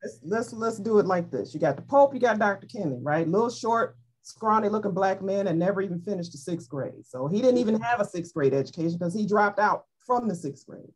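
Woman Bible teacher, lively pitch, slightly husky, informal and playful delivery. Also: a little fast, few pauses. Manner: animated, playful, acts out voices in quotes.

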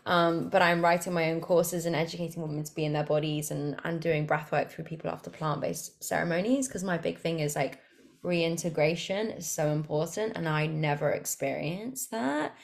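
A woman hosting a podcast, chatting casually and excitedly, swearing freely as she shares her own story. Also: sits low, moderate pace, creaky. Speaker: podcast host. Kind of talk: casual conversational interview. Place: home with a dog nearby.

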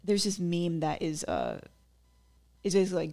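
A woman's voice: fairly low pitch, wildly swooping pitch, normal speed, mellow. A young woman hosting her own podcast, talking casually on her own, full of "like" fillers and giggly asides. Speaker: podcast host. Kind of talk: casual solo podcast chat.

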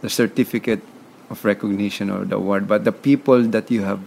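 This Philippines-born podcast guest has a fairly low, gravelly, slightly mellow voice with fairly even intonation and a somewhat fast pace. Speaking with a Filipino accent in an interview-style conversation, he is emphatic and motivational, often repeating words, over slight background noise.

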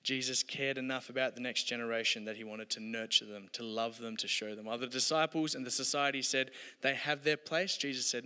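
A man delivers a sermon in an earnest, storytelling way, his voice bright and clear. He lets each point fade to a soft close, and the sound rings with the long reverb of a church hall. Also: mid-range voice, fairly even intonation, a little fast, few pauses. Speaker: pastor.

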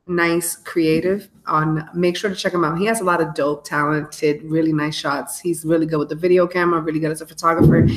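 A woman co-hosting a podcast live, chatting casually with slang and shout-outs over a phone mic. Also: lowish voice. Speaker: podcast co-host. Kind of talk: casual live-stream chat.

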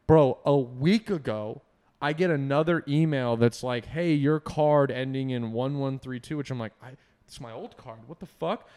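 A man's voice: mid-range voice, moderate pace, a little mellow, clean tone. A young man in casual chat, rambling with constant fillers and swearing.

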